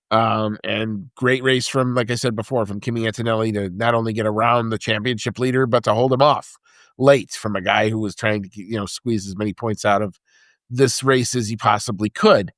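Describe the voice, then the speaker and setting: A man's voice: medium pitch, no echo, clean studio sound. A man co-hosting a podcast in casual chat, talking conversationally with fillers. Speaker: podcast co-host.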